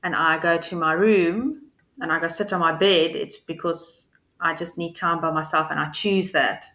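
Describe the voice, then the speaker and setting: Earnest mom with a bright voice. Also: female voice, low voice, fairly even intonation, moderate pace. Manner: earnest, thoughtful, a bit hesitant. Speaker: mother on a coaching call. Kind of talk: coaching call.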